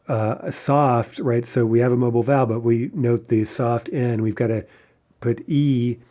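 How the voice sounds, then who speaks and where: Man, language teacher, mellow dark tone, explanatory, thinks out loud, recorded lecture. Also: medium pitch. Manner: explanatory, thinks aloud, checks in with frequent "right?".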